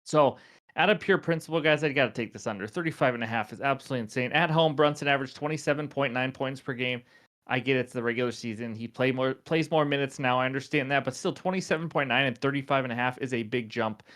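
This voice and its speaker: A man's voice: medium pitch, quick pace, fairly bright tone. A young man hosting a sports betting picks show, chatty and self-deprecating with frequent fillers.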